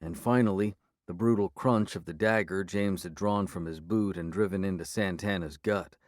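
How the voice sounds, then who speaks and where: A man narrating an urban fantasy audiobook in the first person, measured and steady. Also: low voice, no room sound, clean studio sound.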